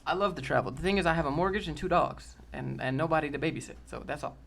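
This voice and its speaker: A man's voice: fairly high pitch, quick pace, vocal fry, a bit bright, slight background noise. A man in casual live-stream chat, answering chat in a blunt, joking, brash way. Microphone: desk mic with a sock over it.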